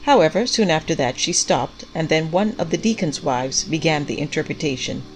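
A woman narrating a story in a measured, even storytelling manner. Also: deep voice, soft background music, rough recording.

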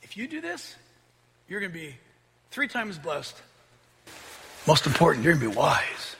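A smooth, coaxing serpent, as a preacher puts him on, tempting with easy street slang. The voice is bright and lively, with a gravelly edge and a long reverb from a big hall. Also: male voice, a little high, unhurried, slight background noise, voice pushed down, exaggerated voice. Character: sly tempting serpent, Satan speaking, male.

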